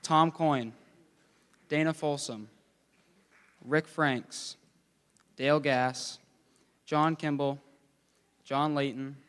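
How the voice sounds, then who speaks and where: A man announcing at an awards ceremony in a formal, measured way, reading out a team roster. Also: on the high side, steady tone, fairly bright tone, clear, resonant tone.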